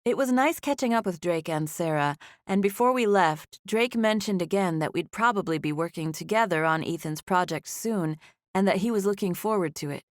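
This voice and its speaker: A woman reads a first-person audiobook in an even, conversational way. Her voice is lowish, and the studio recording is close and dry with no room sound. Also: moderate pace, no room sound. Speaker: audiobook narrator. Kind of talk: first-person scripted narration.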